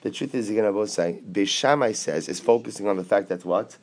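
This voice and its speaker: A man's voice: on the low side, fairly quick, a little mellow. Man teaching a Talmud class. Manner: explains step by step with rhetorical questions; mixes English with Aramaic and Hebrew quotes.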